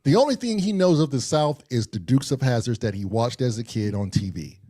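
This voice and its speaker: Animated man telling a story, mellow voice. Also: medium pitch, a little fast, no room sound, studio quality. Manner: animated storyteller, stacks repeated words when excited. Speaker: co-host. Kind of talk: casual live-stream chat.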